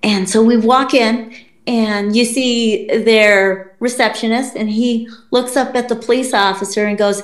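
A woman's voice: a little high, unhurried. A woman, a podcast guest, telling a personal story in a casual, blunt and profane way, with frequent swearing. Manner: blunt and profane, quoting people in lively put-on voices. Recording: roomy echo.

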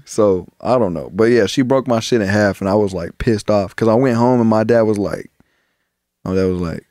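A man's voice: fairly low pitch, moderate pace, a little mellow, no room sound, clean studio sound. A young man co-hosting a podcast, telling long profane stories from childhood in a rambling, casual way. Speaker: podcast co-host. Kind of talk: casual chat.

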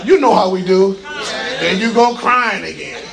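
A man with a strikingly high voice delivers a fervent sermon, often shouting and calling out to the congregation for a response. His talk is folksy and coaxing. A faint murmur of the congregation can be heard behind him. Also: normal speed, gravelly, a crowd in the background, rough recording. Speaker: pastor. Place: church sanctuary with congregation.

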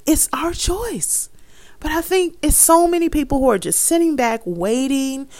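A woman's voice: high voice, big pitch swings, moderate pace, darkish tone, no echo. A woman hosting a gardening show, talking earnestly in a casual monologue, laughing often and repeating her points for emphasis. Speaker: gardening podcast host. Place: Chicago area.

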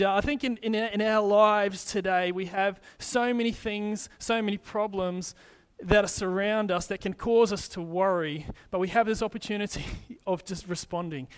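A man's voice: high-pitched, normal speed, clear, resonant tone. A man as pastor giving a conversational sermon, often restarting his phrases as he explains scripture.

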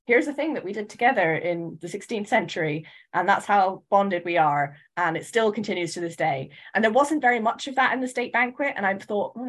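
A woman from the UK co-hosting a podcast, talking in a thoughtful, measured way with frequent hedges and restarts. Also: mid-range voice. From United Kingdom. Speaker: podcast co-host. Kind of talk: casual chat.

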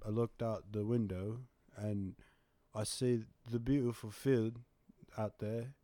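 A man voicing a dreamy young male pop singer who muses softly and haltingly. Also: fairly low pitch, fairly even intonation, no echo.

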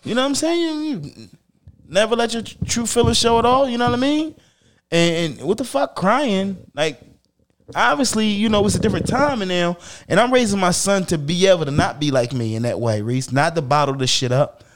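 A middle-aged man hosting a podcast, talking candidly and emphatically with lots of swearing, dropping low and quiet, then rising loud. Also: animated, brisk. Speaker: podcast host.

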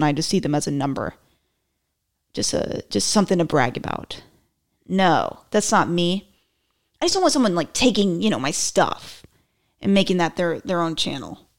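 A woman hosting her own podcast, chatting through political commentary in a rambling, self-mocking way with joking asides. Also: fairly low pitch. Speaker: podcast host.

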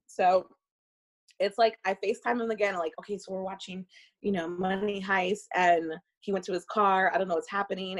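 A young woman casually telling a dating story, animated and profane, laughing often. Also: mid-range voice.

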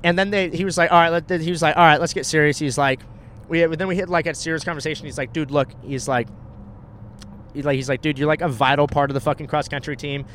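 A man's voice: on the high side, steady tone, fast, a bit bright, a little hiss or hum. A young man casually telling a story on a podcast, acting out the people he quotes and swearing freely.

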